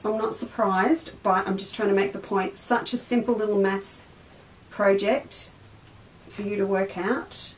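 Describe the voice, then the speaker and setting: A woman's voice: mid-range voice, fairly even intonation, unhurried, distant mic, slight background noise. An Australian woman hosting a casual livestream sewing class, chatting and rambling, talking to viewers by name. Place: indoor craft studio. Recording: echoey room, voice off-mic.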